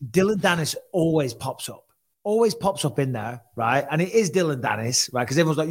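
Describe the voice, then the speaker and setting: A man's voice: fairly high pitch, animated, fairly quick. A man co-hosting a podcast, telling stories in casual chat and acting out the exchanges he quotes. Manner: storytelling, acts out quoted exchanges. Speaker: podcast co-host.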